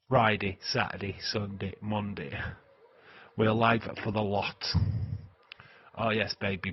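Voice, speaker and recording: A middle-aged British man with a low, husky voice rambles and jokes through a casual live stream, swearing freely. He sounds close to a desk mic in a dry, slightly dull recording. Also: dry recording. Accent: British English. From Britain. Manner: chatty, rambling, swearing, jokey. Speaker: wrestling stream host.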